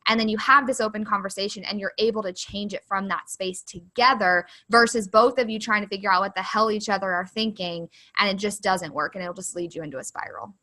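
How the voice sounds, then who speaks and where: A woman hosting a podcast, with a bright, forward voice. She talks emphatically, stacking her points in repeated list-like phrases. Her tone stays casual and conversational throughout. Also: mid-range voice, steady tone, brisk, few pauses, rough recording. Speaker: podcast host.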